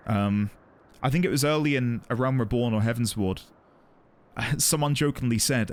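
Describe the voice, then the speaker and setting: A man's voice: mid-range voice, moderate pace. A man streaming a game, rambling and flustered as he thanks his chat effusively.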